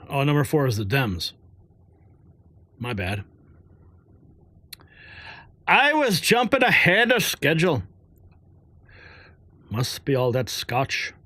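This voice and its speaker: A man's voice: mid-range voice, sharp tone, no echo. A man hosting a political news show, talking casually and joking between segments. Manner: joking, chatty asides.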